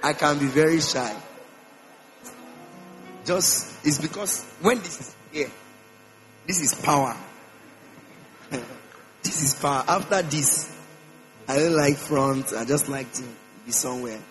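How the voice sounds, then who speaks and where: A man preaching a sermon in a church, emphatic, repeating phrases and swinging his pitch up and down. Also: takes it slowly, pauses often, a bit bright, poor audio. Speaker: pastor. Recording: mains hum with faint music behind.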